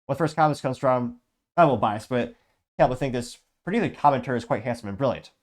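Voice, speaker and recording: A man hosts his own political commentary show, reading viewer comments rapidly, bluntly and sarcastically. He seems over-caffeinated, running on lots of coffee, and his voice is mid-range.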